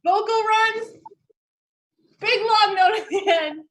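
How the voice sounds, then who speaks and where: Giggly high-voiced woman comedian. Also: slow, long pauses, a bit bright. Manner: giggly, self-deprecating. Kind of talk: stand-up comedy over video call. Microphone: video call.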